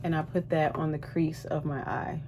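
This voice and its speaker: A woman's voice: low-pitched, moderate pace, noisy background. Chatty woman vlogging from a ship cabin. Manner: chatty, animated, lots of asides to viewers. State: out of breath. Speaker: cruise ship singer and vlogger. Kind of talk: casual vlog chat while doing makeup.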